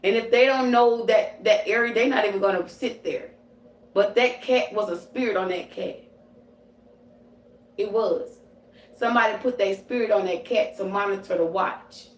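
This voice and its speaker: A woman presenting as a psychic medium rants on her livestream, cursing, confronting, and using plenty of slang. Her voice is medium in pitch at a moderate pace, recorded roomily from a distance.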